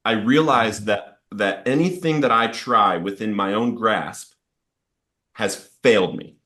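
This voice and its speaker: A man's voice: fairly low pitch, slow, fairly bright tone. A man sharing an earnest, emotional personal testimony about addiction and recovery as a podcast guest. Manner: earnest, storytelling with rising intensity in quoted outbursts.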